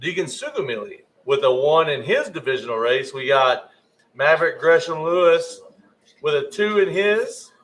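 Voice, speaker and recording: A man's voice: on the high side, big pitch swings, normal speed, a bit bright, a little hiss or hum, low-quality recording. A man giving live race commentary, often stumbling over rider names and correcting himself.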